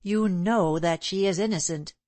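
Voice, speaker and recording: A woman reading as an earnest young gentleman. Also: on the low side, normal speed, dry recording, lightly acted. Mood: distressed.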